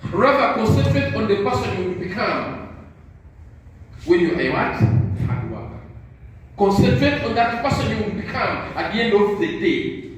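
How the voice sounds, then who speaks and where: An older man giving a motivational talk to teachers, preachy and insistent, leaving sentences open for the audience to finish. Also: sits high. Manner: call-and-response, leaves sentences open for the audience to finish with "what?". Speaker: motivational speaker. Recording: echoey hall from far off with faint noise.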